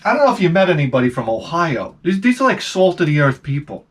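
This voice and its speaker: A man's voice: a little high, fast talker. A man riffing in a rambling comedic monologue, jumping into silly voices. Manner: animated, jumps into silly voices. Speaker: comedic vlogger.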